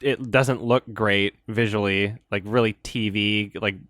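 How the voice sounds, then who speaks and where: A young man co-hosting a podcast, chatting casually in a quick, rambling, sarcastic way and laughing often. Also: fairly low pitch, steady tone, fairly bright tone, no echo, studio quality. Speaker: podcast co-host. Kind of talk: casual chat.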